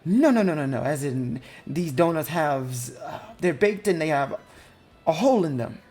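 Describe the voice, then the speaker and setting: A small female Harvin clerk in a tabletop game, polite and hurried, with the ums and uhs of someone juggling papers, as the game master puts her on. The voice sits at a middling pitch and rises a little as she offers refreshments. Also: lively intonation, a little mellow, lightly acted. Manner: polite and hurried, with many fillers. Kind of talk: tabletop game role-play.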